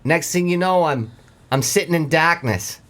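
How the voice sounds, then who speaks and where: A man's voice: on the high side, normal speed, a bit bright, slight background noise, pitched above the performer's own voice, natural voice. A man voicing a foul-mouthed, blustery male lobster diver with a Maine accent, telling his tale in a profane ramble.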